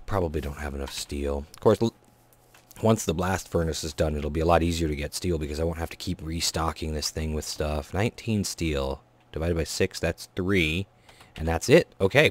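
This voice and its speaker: A man casually commenting on his own gameplay, often muttering to himself, counting items under his breath and breaking into excited outbursts. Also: sits low. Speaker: Let's Play host.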